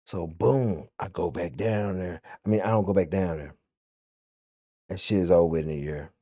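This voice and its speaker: A man's voice: low-pitched, normal speed, warm tone, no room sound, clean studio sound. A man with a Memphis Southern accent, ranting and telling a story in a blunt, profane way. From Memphis, USA. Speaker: vlogger. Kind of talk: casual storytelling rant.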